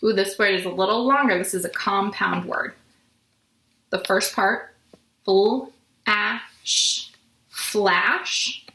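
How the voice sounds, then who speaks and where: A woman teaching a phonics lesson to children, sounding out letters slowly and clearly. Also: mid-range voice, sharp tone. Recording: echoey room.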